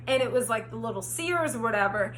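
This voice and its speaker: A young woman telling a story in a casual, animated way, swearing freely and acting out what she said. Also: a little high, a little fast. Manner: animated, swears freely, acts out her own quotes. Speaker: storytime vlogger.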